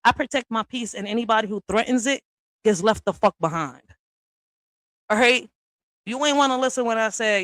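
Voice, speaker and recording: Ranting bluntly and profanely in response to another creator, this woman keeps tagging her lines with "all right?" and swings between low, quiet delivery and loud, high outbursts. Her pace is moderate with frequent pauses, and the low-quality recording has no echo.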